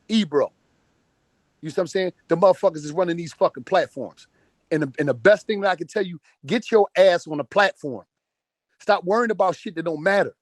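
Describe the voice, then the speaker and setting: A man's voice: on the high side, no room sound, studio quality. A man in his forties giving a profane, emphatic motivational rant over a phone call, repeating phrases for force. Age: 40s. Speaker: speaker in a group audio call. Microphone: phone on an audio call.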